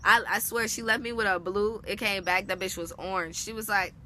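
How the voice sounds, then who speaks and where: A young woman vlogger telling a personal story in a casual, animated, heavily profane and slangy way. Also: medium pitch, fairly quick, a little hiss or hum.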